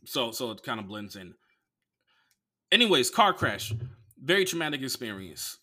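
A man hosting a comedy podcast, telling a profane story as a monologue, swinging from mumbled asides to loud outbursts. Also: mid-range voice, very animated, normal speed. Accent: Bay Area.

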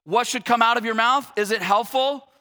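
A pastor in his forties delivers a sermon in a high, bright voice. He talks earnestly, doubling up words as he builds toward a point. At times he sinks into a soft, low tone to reflect. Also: moderate pace, big-room sound.

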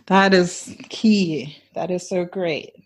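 A woman hosting a casual interview, encouraging and unhurried. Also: lowish voice, fairly even intonation, husky. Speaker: host.

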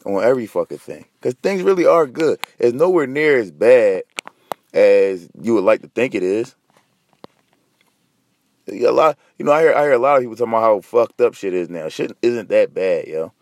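A man's voice: medium pitch, expressive, moderate pace, a little mellow. A man hosting a podcast alone, talking casually and ranting with lots of profanity. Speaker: podcast host. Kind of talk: casual solo podcast monologue.

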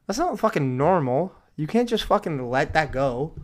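A man in his twenties giving casual solo commentary on news stories, profane and ranting, swinging between low muttering and sudden outbursts. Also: animated, normal speed, hardly any pauses. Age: 20s.

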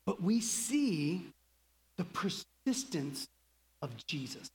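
A middle-aged man preaching a sermon in a lively, conversational way, full of asides and little laughs. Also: sits high, slow. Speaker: pastor. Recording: long reverb of a large hall.

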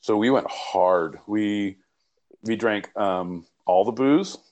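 A man's voice: fairly low pitch, slow pace, a little mellow. Profane storytelling podcast host, man. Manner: rambling, profane anecdotal storytelling. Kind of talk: casual chat.

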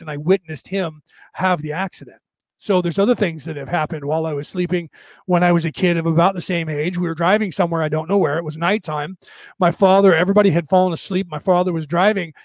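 A man with a fairly high voice talks to his viewers in a casual, rambling way. He keeps checking in with "right?" The sound is dry and close. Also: dry recording. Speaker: spiritual talk host answering viewers. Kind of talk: casual storytelling and explanation.

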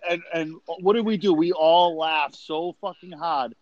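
A man's voice: a little high, measured pace, dry recording, lo-fi sound. A man telling wild stories in a casual, profane chat among brothers. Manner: profane, animated storyteller. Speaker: podcast co-host.

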